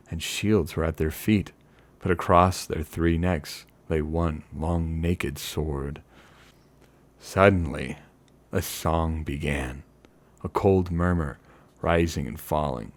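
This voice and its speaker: A man with a very low voice reads a fantasy tale aloud in measured, dramatic audiobook style. The recording is dry and close to the mic. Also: no echo. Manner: measured, dramatic storytelling delivery. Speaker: audiobook reader.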